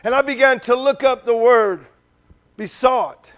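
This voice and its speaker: A man preaches a sermon in a conversational way, asking his congregation many questions and shifting between loud, urgent bursts and quiet asides. His voice is very high and a little slow, and the highs are cut off in the audio.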